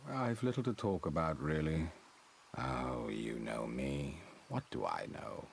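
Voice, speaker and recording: An actor playing a weary old male character in a video game, speaking in a slow, gravelly, resigned way over faint noise. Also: very deep voice, lively intonation, heavily acted.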